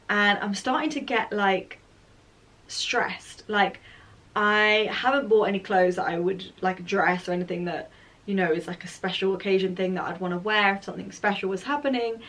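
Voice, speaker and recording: A woman's voice: medium pitch, normal speed, recorded from a distance. Chatty young woman, slightly off-mic. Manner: chatty, filler-heavy, acts out her own thoughts. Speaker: vlogger. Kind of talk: casual storytime monologue.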